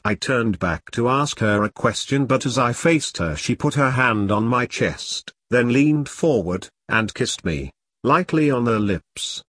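A man narrating a first-person detective novel in a wry, deadpan, self-mocking way. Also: mid-range voice, measured pace, dry recording. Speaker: audiobook narrator.

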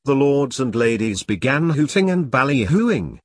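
Husky man narrating. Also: mid-range voice, sing-song, normal speed, no echo, studio quality. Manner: wry, earthy storytelling. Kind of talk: scripted dark comic narration.

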